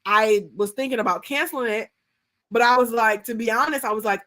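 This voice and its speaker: Woman pastor, livestream over a video call, casual and slangy, preaches and prays with lively rises and drops. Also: a little high, a little fast. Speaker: art therapy pastor hosting a livestream. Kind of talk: casual livestream chat and prayer.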